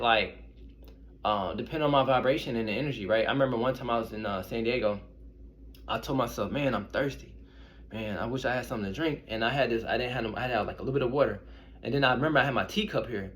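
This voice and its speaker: A young man, an intuitive reader, casually telling personal stories to his viewers in a rambling, conversational way. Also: medium pitch. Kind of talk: casual storytelling to camera.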